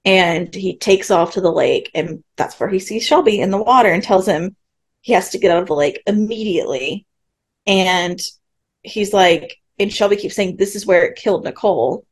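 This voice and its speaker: This podcast co-host talks at normal speed in a mid-range voice with a breathy edge. She chats her way through a TV episode recap, retelling scenes with acted-out quotes and frequent laughter.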